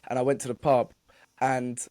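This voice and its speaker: A man's voice: medium pitch, little pitch movement, moderate pace, a little mellow. A young man, co-hosting a casual football podcast, telling stories animatedly and swearing freely. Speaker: podcast co-host.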